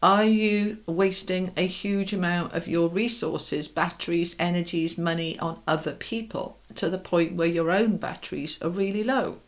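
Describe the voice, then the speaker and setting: Lower-voiced middle-aged woman reading tarot. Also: fairly even intonation, moderate pace, few pauses. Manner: direct and reassuring, checks in with "okay?" and "all right?"; coaching with rhetorical questions. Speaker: tarot reader. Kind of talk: tarot card reading to camera.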